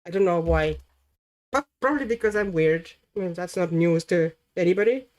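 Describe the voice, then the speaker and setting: A woman hosting a relaxed livestream, chatting casually as she colours, reading out viewers' names and thinking aloud while she works. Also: on the low side, normal speed. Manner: chatty, laughs often, reads chat names aloud; muses aloud while working. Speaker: livestream host.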